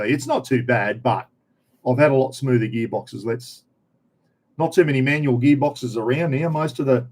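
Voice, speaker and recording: A man's voice: mid-range voice, a little mellow. Chatty middle-aged Australian man. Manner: easygoing, chatty, slangy, chuckles often. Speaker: vlogger. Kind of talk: casual rambling chat.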